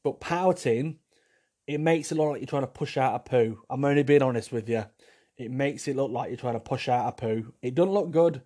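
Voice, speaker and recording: A man's voice: mid-range voice, normal speed, dark tone. A young man, a vlogger, talking to camera in a cheeky, blunt, jokey monologue and laughing often. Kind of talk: casual opinionated monologue.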